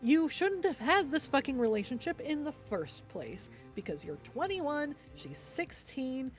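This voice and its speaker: A young woman streamer rants in angry, sarcastic bursts, swearing constantly and sounding proudly petty. Her voice sits a touch higher than most. Faint background music plays under her talk. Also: big pitch swings, unhurried. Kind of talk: ranting commentary on stream.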